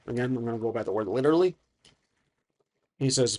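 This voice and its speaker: A man's voice: mid-range voice, fairly quick, long pauses, darkish tone. Hesitant man narrating a solo game. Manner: thinking aloud, hesitant, many restarts.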